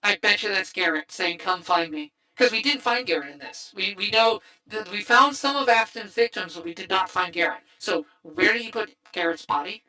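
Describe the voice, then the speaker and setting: A woman hosting a casual livestream movie chat, excitable and rambling with many restarts. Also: medium pitch, brisk, few pauses, low-quality recording. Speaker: streamer host.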